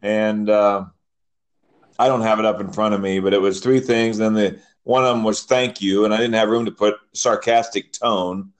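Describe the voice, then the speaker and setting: A man co-hosting a podcast, animated as he tells referee stories and mimics yelling fans. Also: fairly low pitch, normal speed. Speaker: podcast co-host, soccer referee. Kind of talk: casual chat.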